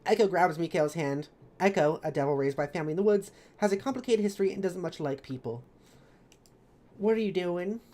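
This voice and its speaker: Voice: mid-range voice, lively intonation, fast talker, a little mellow. A streamer reading a story recap of a tabletop campaign, chatty and rambling. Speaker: streamer narrating campaign lore.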